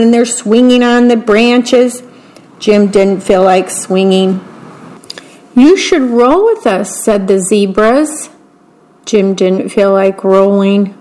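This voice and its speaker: A woman reading picture books aloud in a gentle manner, describing the pictures as she goes. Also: mid-range voice, rough recording. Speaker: read-aloud storyteller.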